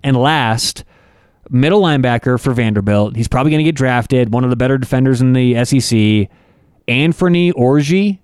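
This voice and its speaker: A man's voice: medium pitch, moderate pace, a little mellow, clear, resonant tone, no echo, clean studio sound. A man co-hosting a casual sports talk show, loose and rambling with plenty of fillers. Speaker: co-host.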